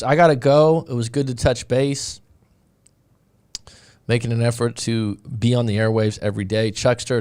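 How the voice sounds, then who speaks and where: A man's voice: medium pitch, darkish tone. A man hosting a casual live stream as a dating coach, speaking, rambling with frequent restarts and asides as he reads viewer comments.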